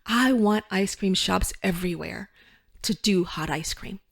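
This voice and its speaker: A lively woman in her fifties from the United States, chatting as an interview guest. She tells her stories with energy, often bursts into laughter and exclaims loudly. Her voice sits at a medium height. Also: mid-range voice, unhurried, gravelly. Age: 50s. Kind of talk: casual interview chat.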